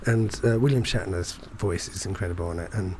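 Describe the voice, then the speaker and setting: A man's voice: low voice, a little fast, a little mellow, a little hiss or hum. Rambling, filler-heavy male storyteller. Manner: rambling anecdotes with many fillers. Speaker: performance poet. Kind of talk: casual chat.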